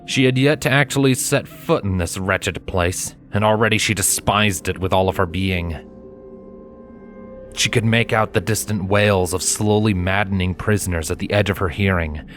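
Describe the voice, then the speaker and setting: Low-voiced man reading a story. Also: a bit bright. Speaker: audiobook reader. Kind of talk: audiobook fanfiction reading.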